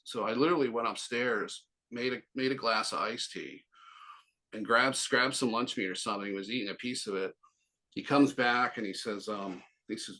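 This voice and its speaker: A man's voice: fairly low pitch, fairly even intonation, normal speed, sharp tone. A man as an interview guest, telling a long personal story in a rambling way, full of restarts and quoted back-and-forth. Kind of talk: casual storytelling.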